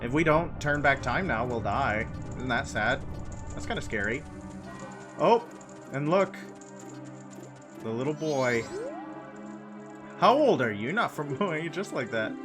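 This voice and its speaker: A man's voice: mid-range voice, animated, measured pace, long pauses, music in the background. A man streaming a video game, chatting casually with his audience in a playful, giggly way and repeating phrases for laughs. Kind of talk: casual commentary while playing.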